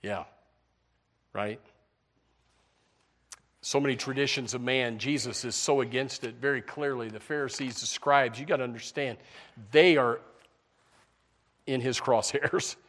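A man's voice: medium pitch, a little slow, pauses often, fairly bright tone. A male pastor preaching a folksy sermon and breaking now and then into mocking put-on voices.

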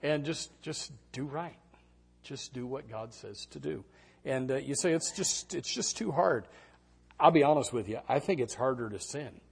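A middle-aged man preaching a sermon, telling stories with sudden shouted quotes. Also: medium pitch, normal speed, vocal fry, breathy edge. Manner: animated storytelling with shouted quotes. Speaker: pastor.

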